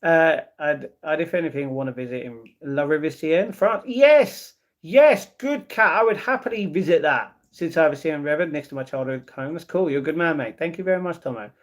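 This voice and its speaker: A man's voice: on the high side, fast talker, few pauses. A man hosting a casual livestream, reading viewer comments aloud and answering them with easygoing replies. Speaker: livestream host.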